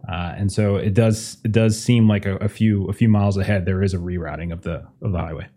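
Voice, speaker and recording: Low, mellow-voiced man running the game. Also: fairly even intonation, fairly quick, husky. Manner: loose, rambling narration with many restarts. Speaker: game master. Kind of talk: narrating a tabletop game.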